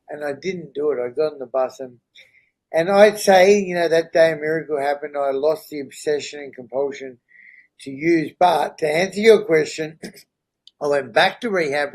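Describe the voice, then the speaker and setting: A man's voice: fairly high pitch, normal speed, rough recording. Earnest man telling his story. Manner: earnest, checks in with "right?" and "you know?". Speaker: podcast guest. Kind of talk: candid personal storytelling.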